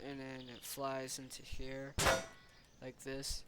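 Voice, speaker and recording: A man's voice: medium pitch, completely flat delivery, slow. A young man casually retelling a story in a rambling way, full of "like" and restarts. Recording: noisy home recording.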